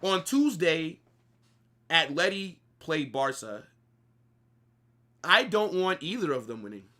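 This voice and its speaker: Taking his time, a young man breaks down football on a live watch-along, his tone bright and a touch high. He argues loosely and conversationally, animated and opinionated, sprinkling in slang and casual profanity.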